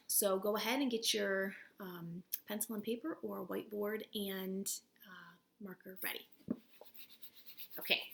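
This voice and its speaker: Bright-voiced woman teaching a spelling lesson. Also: medium pitch, gravelly, a little hiss or hum. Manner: patient, encouraging, breaks words into sounds. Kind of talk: recorded remote spelling lesson. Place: home.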